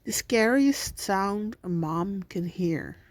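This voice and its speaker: A woman hosting a channel, narrating a scripted scary story in a slow, deliberate reading voice. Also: mid-range voice, lively intonation, no echo. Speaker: channel host and story reader.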